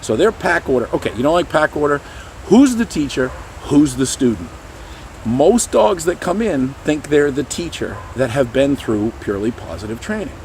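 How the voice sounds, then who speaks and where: A middle-aged man talking casually to camera as a dog trainer, animated and breaking into goofy high voices now and then. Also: normal speed, a little hiss or hum. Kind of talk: casual explanatory talk to camera.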